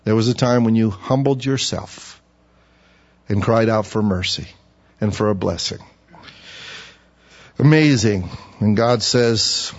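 A man preaching a sermon, asking his listeners questions and getting animated when he acts out a pleading voice. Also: a little slow. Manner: animated, rising high when acting out pleading; asks the audience questions. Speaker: pastor. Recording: dull, echoey hall.

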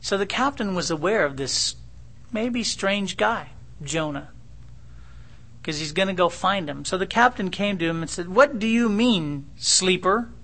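A pastor giving a conversational, animated sermon with a teasing streak. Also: male voice, high voice, normal speed, gravelly.

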